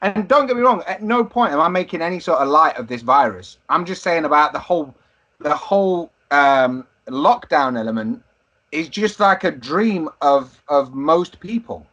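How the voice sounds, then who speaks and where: A man's voice: on the high side, animated, normal speed, bright, forceful tone. A man with young children, co-hosting a podcast in casual, swearing banter. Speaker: podcast co-host. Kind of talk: casual chat.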